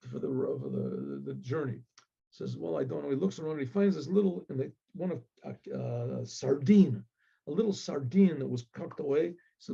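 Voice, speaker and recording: Gravelly-voiced man telling a story. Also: a little high, normal speed, lo-fi sound. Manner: animated, acts out the voices of the characters.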